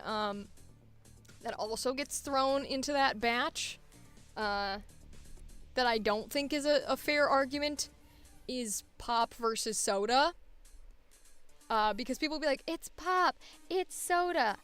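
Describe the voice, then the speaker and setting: A woman voice actor hosting, chatting casually in a rambling way, laughing often and filling pauses. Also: high-pitched, a bit bright, smooth, soft background music. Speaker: voice actor host. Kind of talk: casual chat.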